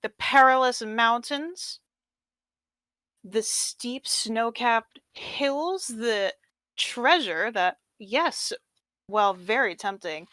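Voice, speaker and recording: A woman's voice: on the high side, expressive, drawn-out words, sharp tone, dry recording, exaggerated voice. Woman voicing a cocky scruffy adventurer gal, mocking, dry close sound. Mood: skeptical. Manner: mocking, playfully skeptical. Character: brash grimy female adventurer, teasing. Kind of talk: tabletop role-play in character.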